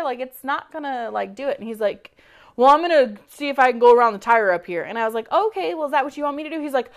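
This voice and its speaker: Animated woman venting a story. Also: high voice, fairly quick. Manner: animated, acts out quoted dialogue, swears freely; exasperated venting. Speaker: podcast co-host. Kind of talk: casual storytelling chat.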